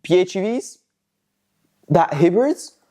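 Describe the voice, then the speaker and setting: A man's voice: sits high, sing-song, slow pace, mellow. A man hosting a car news vlog, talking in a jokey, sarcastic, casual commentary style. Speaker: host of a car news show.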